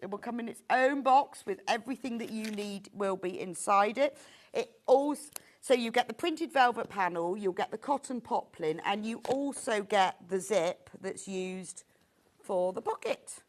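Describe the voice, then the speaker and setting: A woman's voice: mid-range voice, normal speed. A middle-aged woman presenting sewing kits on a live shopping show, chatty and gushing. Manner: chatty and enthusiastic, gushing over products.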